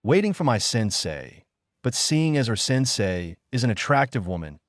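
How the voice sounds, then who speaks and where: A man's voice: medium pitch, sing-song, moderate pace, no room sound, studio quality, natural voice. A man voicing a confident teenage boy ninja explaining himself in a storybook reading. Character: brash teen male ninja, self-assured.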